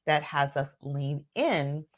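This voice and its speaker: A woman's voice: low voice, lively intonation, slow pace. A woman host giving a solo teaching talk, earnest and conversational, often checking in with her listeners. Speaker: podcast host and physician.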